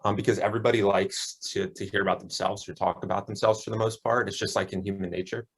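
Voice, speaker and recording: Low-voiced man answering questions hesitantly. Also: level tone, quick pace, breathy edge. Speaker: workshop participant. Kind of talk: conversational replies.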